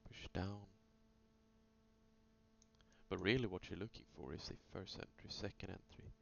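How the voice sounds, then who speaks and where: Low, gravelly male voice, casual and meandering, on a muffled recording. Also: a little slow. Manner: thinking aloud, loose, with many fillers. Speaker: trader reviewing chart trades. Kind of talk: casual screen-recorded trading review. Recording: dull lo-fi sound with faint hum.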